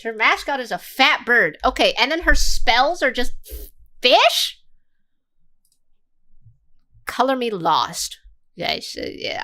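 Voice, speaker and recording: A woman's voice: medium pitch, sharp tone. A young woman streamer reacting to a game video in casual, sarcastic chat, swearing freely.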